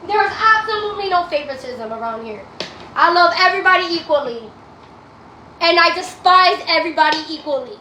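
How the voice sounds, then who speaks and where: A woman's voice: very high-pitched, animated, a little fast, pushed and bright, echoey room, a little hiss or hum, rough recording. A woman streaming casually from her home, blunt, profane and ranting as she talks back to viewers. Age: adult. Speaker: TikTok live streamer. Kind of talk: casual livestream chat.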